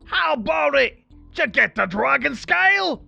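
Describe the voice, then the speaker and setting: A man putting on a brash demon blacksmith with a hammy Australian accent, high and gravelly, yelling and swooping all over the place. The voice is bright and crackly, and he talks like a loud, excitable video game craftsman. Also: moderate pace, muffled recording, soft background music, heavily acted. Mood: delighted. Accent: put-on Australian. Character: brash boastful male demon blacksmith, hot-tempered. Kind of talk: reading game dialogue aloud in character.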